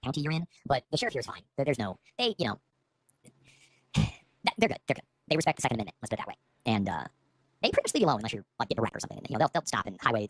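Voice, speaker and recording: A man talking very fast on a home livestream, his voice swinging widely up and down as he rambles. He interrupts himself and jokes around. The sound is dry and close to the mic. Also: fairly low pitch, a bit bright, no room sound. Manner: rambling, playful, self-interrupting. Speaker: livestream host. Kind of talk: casual livestream chat.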